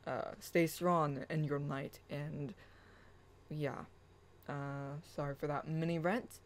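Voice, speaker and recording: A spiritual channel host speaks in an unhurried, earnest way, at a middling pitch. Their talk drifts between a casual rant and chant-like affirmations read aloud from their own writing. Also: little pitch movement, rough recording.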